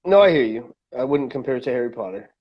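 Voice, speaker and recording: A man co-hosting a laid-back podcast, talking through his views in a loose, rambling way. He stops and starts often and fills gaps with "um", but keeps pressing his point. His voice sits at an ordinary pitch. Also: fast talker, husky, dull audio. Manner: opinionated, rambling with many fillers and restarts. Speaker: podcast co-host. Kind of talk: casual opinion chat.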